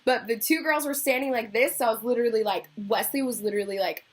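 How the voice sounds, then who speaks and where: A woman's voice: on the high side, quick pace. A young woman telling a casual storytime in a vlog, chatty, swearing freely and acting out what people said. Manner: chatty, swears freely, acts out quotes, laughs. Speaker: concert vlogger.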